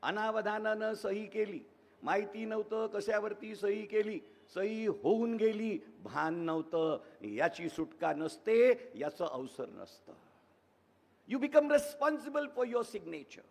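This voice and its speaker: A man's voice: high-pitched, animated, rapid-fire, creaky. A man in his seventies with an Indian English accent, giving a formal ceremonial address in an emphatic, oratorical way and piling up repeated phrases. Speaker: convocation speaker. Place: large convocation hall. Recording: echoey hall reverb.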